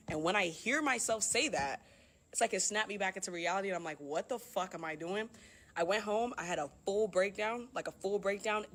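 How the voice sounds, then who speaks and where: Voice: mid-range voice, a bit bright. A live streamer telling a personal story in a candid, profane, self-mocking way. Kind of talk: casual storytelling.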